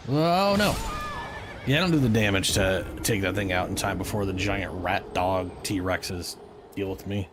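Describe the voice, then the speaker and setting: A man giving casual gameplay commentary, excitable and talking back at the game. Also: low-pitched, normal speed, background noise. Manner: excitable, talks to the game, swears. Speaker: gaming streamer.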